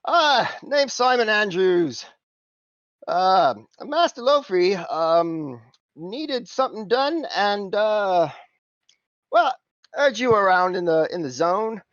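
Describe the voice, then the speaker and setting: Man doing a frilled punk lizard-man fixer with a twang; cheeky, haggling, bouncy and high, dull dry recording. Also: sing-song, slow pace, a bit bright, no room sound, full character voice. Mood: wheedling.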